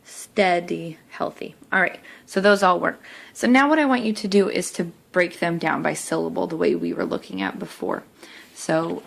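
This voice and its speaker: A young woman teacher talking through a recorded spelling lesson, saying words slowly and clearly one at a time. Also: lowish voice, a little hiss or hum. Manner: slow, clear word-by-word demonstration.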